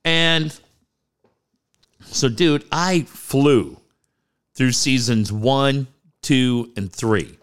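This co-host of a podcast speaks very slowly with frequent pauses, his voice clean in tone. Still animated and profane in the casual chat, he keeps mimicking people using dramatic pitch jumps.

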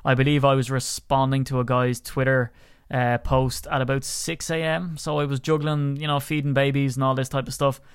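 Chatty Irish man, smooth clear voice. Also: medium pitch, little pitch movement, normal speed, no room sound, studio quality. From Ireland. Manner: chatty, rambling, jokey. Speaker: podcast co-host. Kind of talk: casual podcast chat.

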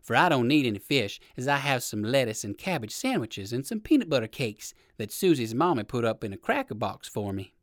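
A man voicing a kindly old gentleman rabbit in a storybook reading, with high, excited exclamations. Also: a little fast, hardly any pauses, no room sound, studio quality, natural voice. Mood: cheerful.

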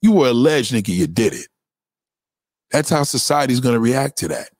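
A man hosting a casual livestream rant, profane and animated, often putting on the voices of the people he quotes. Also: medium pitch, normal speed, dry recording, studio quality. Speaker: live stream host.

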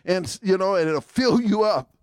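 A middle-aged man preaching with a high, ringing voice. He calls to the congregation for amens and punches certain words with sudden shouts. The sound is close and dry, with no room echo. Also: normal speed, clear, resonant tone. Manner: call-and-response preaching, sudden shouted emphasis. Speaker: pastor. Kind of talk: sermon.

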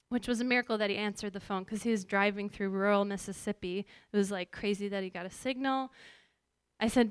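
Woman, worship pastor, smooth clear voice, dry close sound, chatty storytelling. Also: medium pitch, steady tone, fairly quick, no echo. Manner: conversational storytelling with fillers and asides. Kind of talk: personal testimony.

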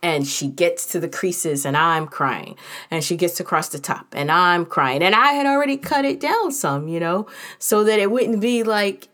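A woman's voice: lowish voice, animated, normal speed, a bit bright. A woman telling a personal story in a frank, candid and humorous way, chatting casually with plenty of fillers.

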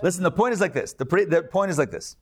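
Rabbi giving a chatty live class. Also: male voice, sits high, expressive, quick pace. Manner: conversational, with jokes and asides to the group. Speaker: rabbi teaching a weekly class. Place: live class with an in-person and online group.

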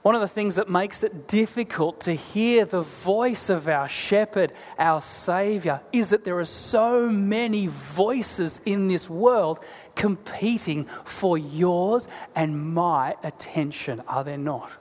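A man preaching a sermon as a pastor, earnest and deliberate, asking rhetorical questions. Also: high-pitched, darkish tone. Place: church. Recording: long church hall reverb.

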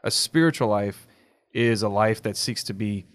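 A man co-hosting a podcast, speaking in a measured, reflective way, with dry jokes in between. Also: lowish voice, no room sound. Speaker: podcast co-host. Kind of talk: casual chat.

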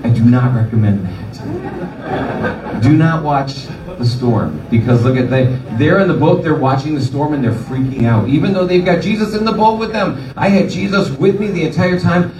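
A man's voice: on the high side, sing-song, moderate pace, noisy background. A male pastor giving a sermon, telling the story animatedly and putting on voices for the people in it. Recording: echoey room from far off.

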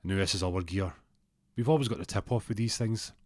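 A man's voice: on the low side, brisk, a little mellow, dry recording, studio quality, natural voice. A man voicing a streetwise man who deals in stolen goods, blunt and matter-of-fact. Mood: boastful.

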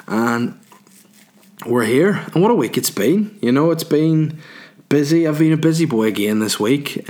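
A man with a Northern Irish accent, a stand-up comedian alone in a small room, chatting solo in a rambling, sweary way full of "you know". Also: mid-range voice. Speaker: stand-up comedian and podcast host. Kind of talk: solo casual chat.

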